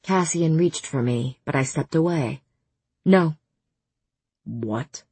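A woman narrating a fantasy audiobook in the first person with steady, measured storytelling. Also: low voice, slightly rough, no echo.

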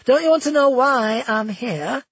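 Guy doing a mocking villain lord, high pitched and husky, dull sound. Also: expressive, unhurried, fairly bright tone, no room sound, full character voice. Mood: taunting. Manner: taunting, cold, mocking. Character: sly vengeful male nobleman villain.

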